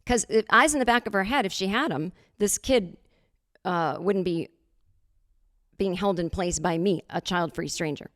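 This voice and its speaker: A woman hosting a podcast, telling a comic story in a sarcastic, animated way and acting out other people's lines. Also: fairly low pitch, normal speed. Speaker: podcast host. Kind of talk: comedic storytelling monologue.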